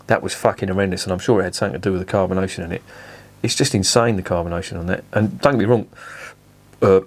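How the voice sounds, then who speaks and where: A man with a somewhat low voice delivers a casual beer review. He rants bluntly and swears freely, with animated energy.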